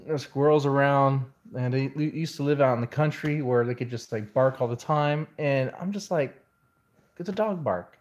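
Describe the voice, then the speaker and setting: A man's voice: mid-range voice, steady tone, moderate pace, hardly any pauses, darkish tone, highs cut off. A man venting in a casual vlog, telling a rambling story in an exasperated way. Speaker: vlogger.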